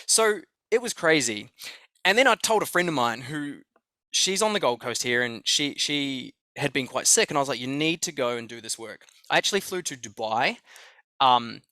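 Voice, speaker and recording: An Australian man recounts a story on a podcast, excitable and loose with swear words, circling back and repeating himself. His voice is bright and forward at an average pitch. The recording is dry and close. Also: moderate pace, dry recording. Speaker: podcast guest. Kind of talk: conversational storytelling.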